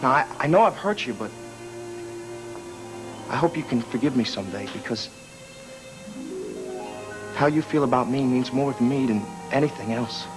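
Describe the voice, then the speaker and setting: An actor playing a young man who pleads haltingly with the woman he loves, in a 1980s daytime soap opera. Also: mid-range voice, lively intonation, close to an everyday voice, rough recording. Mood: pleading. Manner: halting, pleading, soft-spoken. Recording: archived TV recording with music.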